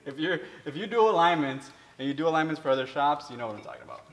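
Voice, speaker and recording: A man's voice: a little high, lively intonation, very fast, in a large hall. A man, a mechanic, chatting casually as he works in his repair shop, explaining each step and swearing now and then. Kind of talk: casual how-to vlog.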